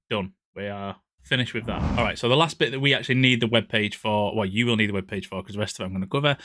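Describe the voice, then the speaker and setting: A man casually talking through a software install step by step, thinking aloud and correcting himself as he goes. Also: medium pitch, dry recording, studio quality. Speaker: tech tutorial creator. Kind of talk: casual screen-recorded walkthrough.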